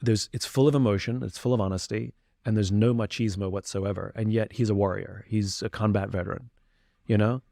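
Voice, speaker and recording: A man's voice: lowish voice, steady tone, fairly quick, vocal fry, dark tone, no echo, studio quality. A man speaking as a podcast guest, talking earnestly and reflectively with frequent restarts. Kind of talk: candid conversation.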